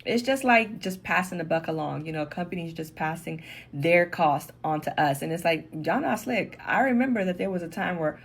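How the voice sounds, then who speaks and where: A woman with a lowish, husky voice rants casually and with exasperation, acting out quick quoted exchanges as she goes. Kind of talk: casual ranting commentary.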